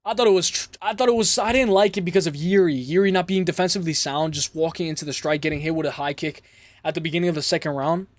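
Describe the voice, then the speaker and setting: A young man from Toronto hosting a casual livestream, rambling through chat comments with hype shout-outs and lots of fillers. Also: a little high, fairly even intonation, fast, dry recording. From Toronto, Canada. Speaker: livestream host.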